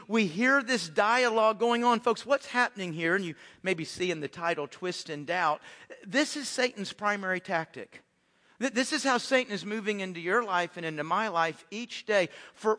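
A man preaching a sermon in a lively, conversational way, often repeating words as he restarts his sentences. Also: sits high. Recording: echoey hall with long reverb.

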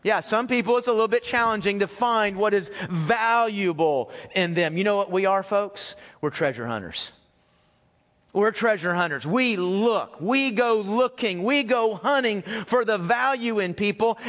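A man's voice: high voice, a bit bright, in a large hall. A man preaching a sermon as pastor, talking conversationally, asking the congregation questions and repeating his phrases. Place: church sanctuary.

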